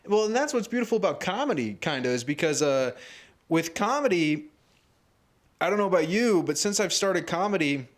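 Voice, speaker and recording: A man who does stand-up comedy, chatting casually on a podcast, rambling with lots of fillers and jumping into animated quoted voices. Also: normal speed. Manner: rambling, filler-heavy, acts out quotes with rising pitch.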